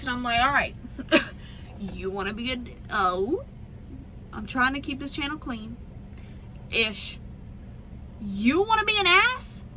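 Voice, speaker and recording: Bright-voiced woman trucker ranting. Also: sits high, slight background noise, rough recording. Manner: animated, exasperated ranting. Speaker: truck driver vlogger. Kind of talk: casual ranting vlog.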